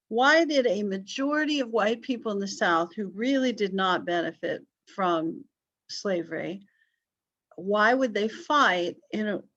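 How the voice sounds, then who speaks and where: A middle-aged woman teaches history over a video call in a loose, chatty way, full of asides and fillers. Her voice sits at an ordinary pitch for a woman. The call audio is slightly dull. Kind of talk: online class lecture.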